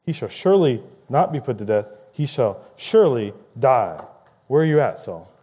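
A man's voice: mid-range voice, big pitch swings, normal speed, dark tone, breathy edge. A man preaching a conversational sermon, paraphrasing scripture and acting out quoted lines with rising emphasis.

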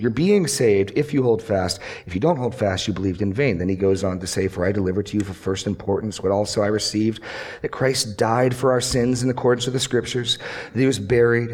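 A male pastor preaching an earnest sermon, asking rhetorical questions and repeating key lines for emphasis. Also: on the low side.

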